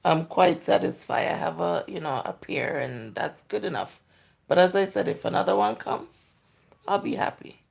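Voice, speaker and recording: A woman's voice: fairly low pitch, animated, normal speed, gravelly, breathy edge. A woman in her forties with a Jamaican accent, chatting casually on a livestream and answering viewer comments, candid and slipping into patois. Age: 40s. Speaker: livestream host.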